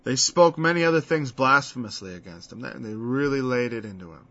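A man's voice: medium pitch, animated, fairly quick, fairly bright tone. A man preaching a sermon in an earnest, emphatic way, repeating words as he stresses a point and quoting scripture. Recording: dull lo-fi recording.

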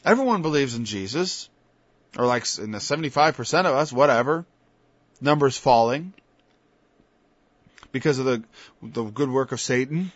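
A man's voice: mid-range voice, expressive, normal speed, long pauses, no echo. Emphatic preacher man, lo-fi sound. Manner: swings between quiet asides and loud emphatic preaching; quotes scripture in old-fashioned wording. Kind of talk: informal sermon. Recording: dull, lo-fi sound.

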